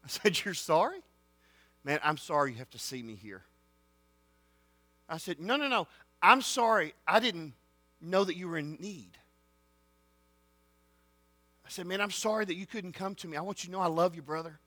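A man preaching to students, rising to shouted excitement. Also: fairly high pitch, moderate pace, long pauses, no echo, faint music behind. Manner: folksy, builds to shouted excitement. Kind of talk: sermon storytelling.

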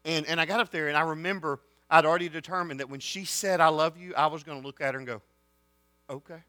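A man preaching to students, rising to shouted excitement. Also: a little high, fast, no echo, clean studio sound. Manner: folksy, builds to shouted excitement. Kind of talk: sermon storytelling.

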